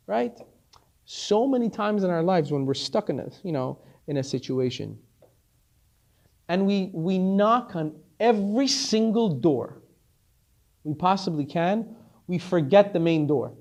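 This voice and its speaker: A rabbi teaching a class, a man telling a story in an animated way and acting out each character, repeating words as he gets excited. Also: on the high side. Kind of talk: storytelling Torah lesson.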